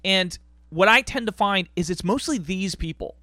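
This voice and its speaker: Measured male podcast host, dry sound. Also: sits high, lively intonation, pushed and bright, no echo. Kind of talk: casual conversational interview.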